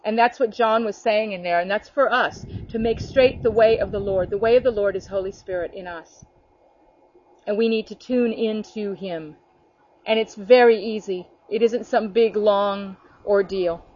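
A woman's voice: medium pitch, moderate pace, a little mellow. Earnest woman preaching over a lo-fi call. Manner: earnest, addresses listeners by name, punctuates with "okay?". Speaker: prayer group teacher. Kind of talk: spontaneous preaching to a small group. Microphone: video call.

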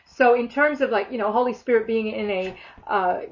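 A woman's voice: a little high, normal speed. A woman preaching a sermon in a fervent, emphatic way, often acting out imagined prayers. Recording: dull lo-fi sound.

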